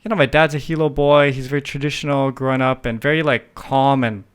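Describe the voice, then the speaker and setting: A man's voice: medium pitch, fairly even intonation, fairly quick, smooth. A middle-aged man, co-hosting a casual podcast and telling a personal story, acting out the voices he remembers. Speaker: podcast co-host. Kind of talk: casual chat.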